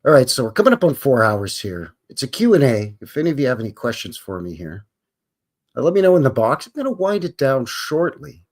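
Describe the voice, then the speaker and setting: Rambling Canadian man, lively pitch. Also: a little fast. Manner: rambling and jokey, tags lines with "eh, buddy". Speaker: livestream host. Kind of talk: casual livestream chat.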